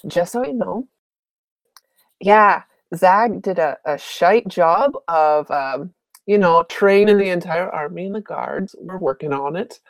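A woman's voice: lowish voice, measured pace, no room sound. A woman voicing a sly, flirtatious female warrior who teases as she talks. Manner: teasing and flirtatious.

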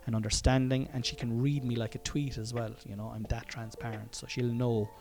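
A man's voice: medium pitch, little pitch movement, brisk, darkish tone, faint music behind. An Irish man telling a personal story in a casual monologue, frank and profane, chuckling often and wandering into asides.

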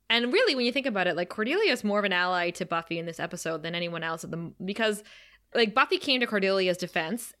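A woman co-hosting a podcast in casual chat, animated and acting out scenes as she recaps them. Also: mid-range voice. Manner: animated, quotes scenes in character voices. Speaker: podcast co-host.

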